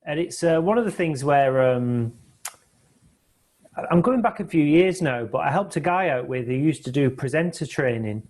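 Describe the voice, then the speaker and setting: A man's voice: on the high side, expressive, moderate pace, darkish tone. A man, hosting a casual film commentary and chatting in an anecdotal way, often ending on tag questions. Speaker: host.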